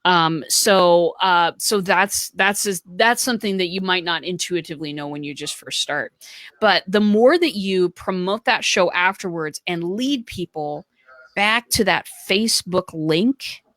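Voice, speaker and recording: On this casual live stream, an American co-host gives sincere, practical tips full of fillers. She speaks at a measured pace in a lowish, slightly bright voice, with no room sound at all.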